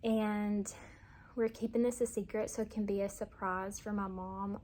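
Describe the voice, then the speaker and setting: Candid young woman, mellow vlog voice. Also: mid-range voice, little pitch movement, moderate pace, slight background noise. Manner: candid, confiding, chatty with fillers. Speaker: vlogger. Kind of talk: casual pregnancy update vlog.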